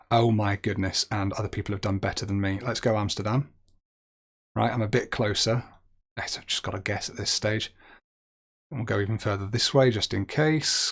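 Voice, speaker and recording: A young man streaming a geography guessing game, chatting as he thinks aloud and making light of his own mistakes. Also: on the low side. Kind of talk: gaming commentary.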